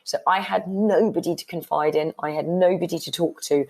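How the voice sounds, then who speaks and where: A woman's voice: sits low, creaky, rough recording. A middle-aged woman speaking candidly as an interview guest about a painful relationship, at times close to tears. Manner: emotional, voice breaking toward tears. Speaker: guest, writer.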